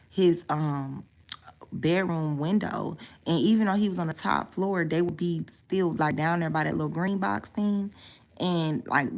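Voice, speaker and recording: A woman with a gravelly, low-pitched voice tells a story straight to her viewers. She rambles and speaks candidly. Her talk is loose and full of profane slang. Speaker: storytime vlogger.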